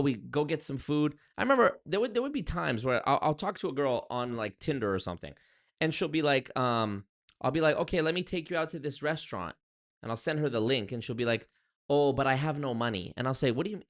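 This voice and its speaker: A young man from Canada telling dating stories to camera in a casual, sarcastic monologue, jumping up into loud exclaims. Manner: animated, sarcastic, jumps to high exclaims. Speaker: vlogger.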